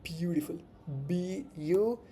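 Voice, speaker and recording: A man's voice: high voice, a little slow, warm tone, a little hiss or hum. A man giving casual live commentary while trading forex, muttering and repeating words to himself and swearing freely. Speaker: forex trader streaming live.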